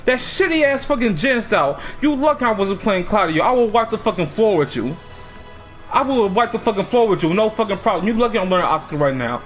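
A male streamer ranting profanely during a fighting game, shouting in frustration. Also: high voice, lively intonation, fairly quick, soft background music. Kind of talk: angry gaming stream rant.

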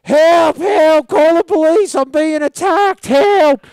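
A man's voice: very high voice, takes it slowly, darkish tone, no echo, pitched above the performer's own voice, heavily acted. A man voicing a belligerent drunk local man who mocks people, as part of a spoken anecdote. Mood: shrieking. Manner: jeering, then shrieking for help.

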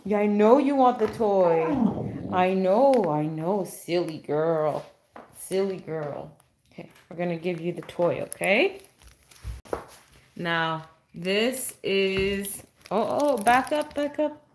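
Unhurried woman, live-stream host, playful baby-talk with her dog, noisy recording. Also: lowish voice, darkish tone.

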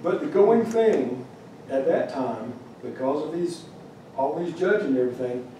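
A man's voice: medium pitch, animated, a little slow, warm tone, a little hiss or hum. A man giving a humorous, rambling storytelling lecture about his carving at a museum, with many restarts. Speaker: wildlife carver giving a talk. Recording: echoey room, mic far off.

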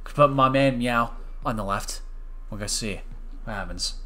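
A young gaming streamer commentates on his own online gameplay at medium pitch and moderate pace. He jokes around, switching between loud outbursts and quiet mumbles.

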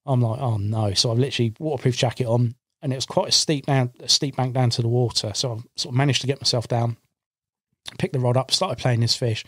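A man's voice: mid-range voice, fairly quick, dry recording, clean studio sound. Man telling a fishing story. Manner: animated anecdote-telling, acts out his own past lines. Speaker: podcast guest, carp angler. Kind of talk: casual storytelling. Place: podcast studio. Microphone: studio microphone.

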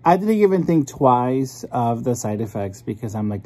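A man's voice: mid-range voice, very animated, moderate pace, hardly any pauses, darkish tone. A man vlogging casually to his viewers, chatty and frustrated, swearing a lot while out on a drive. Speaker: vlogger and singer. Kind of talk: casual vlog talk to camera. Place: in a car on a drive.

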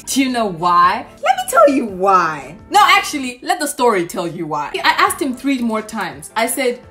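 A young woman vlogger telling a storytime tale in a sassy, animated way, with lots of asides. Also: a little high, moderate pace, hardly any pauses, soft background music.

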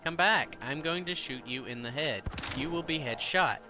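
A man's voice: mid-range voice, normal speed, music in the background. A man giving gameplay commentary, exasperated and grumbling with mock-formal asides, his throat sore and coughing. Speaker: gamer.

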